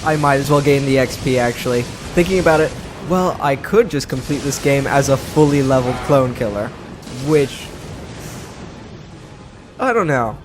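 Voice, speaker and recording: A man's voice: mid-range voice, normal speed, noisy background. Chatty man commentating gameplay. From Britain. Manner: chatty, sarcastic, reacting to play. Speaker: let's play host. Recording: commentary over game music.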